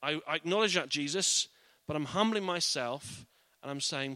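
A man's voice: fairly high pitch, moderate pace, sharp tone, no room sound. A man giving an informal, earnest Bible teaching in a conversational way.

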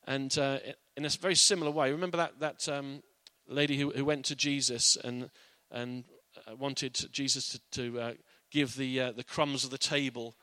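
A man's voice: mid-range voice, fairly even intonation, normal speed, few pauses, sharp tone, no room sound. A man giving an informal, earnest Bible teaching in a conversational way.

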